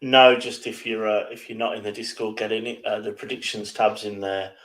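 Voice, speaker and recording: Flat, low-voiced football co-host. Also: male voice, low-quality recording. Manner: measured, hesitant with fillers. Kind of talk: casual football chat.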